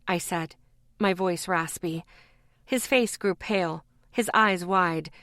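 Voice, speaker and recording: A woman narrating a first-person paranormal audiobook in a steady, measured way, close to the mic. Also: on the low side, no echo.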